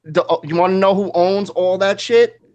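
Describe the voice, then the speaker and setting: A man with a fairly high voice chimes in during casual chat. He is knowing and conspiratorial, hinting at what lies behind the story. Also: moderate pace, highs cut off.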